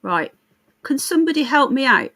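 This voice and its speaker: A woman's voice: high-pitched, sing-song, moderate pace, sharp tone, rough recording. A woman hosting a live stream, chatting casually with viewers in a blunt, sarcastic and sweary way. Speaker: livestream host.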